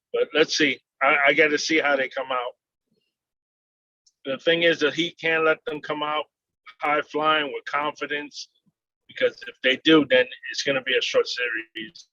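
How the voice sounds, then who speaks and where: Bright-voiced man on a muffled video call. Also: medium pitch, dry recording. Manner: animated, laughing, swearing, acts out voices in anecdotes. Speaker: process server. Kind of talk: casual storytelling chat. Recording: dull, dry video call audio.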